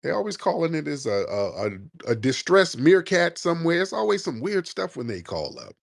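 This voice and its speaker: A man's voice: on the high side, wildly swooping pitch, a little fast, creaky, no room sound, clean studio sound. A man hosting a live call-in audio chat with a lingering cough, brash and sarcastic, cursing freely as he takes callers. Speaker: host.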